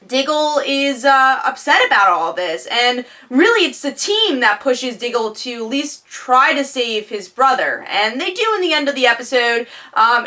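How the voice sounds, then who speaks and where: A woman's voice: fairly high pitch, bright, forceful tone. A woman giving a casual spoken review of a TV episode, chatty, with lots of fillers and restarts.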